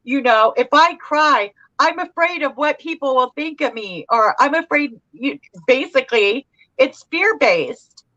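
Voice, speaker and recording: A woman co-hosting a crafting livestream, speaking thoughtfully and earnestly and pausing to find her words in casual chat. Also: sits high, lively intonation, pushed and bright, no echo. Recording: muffled lo-fi stream audio.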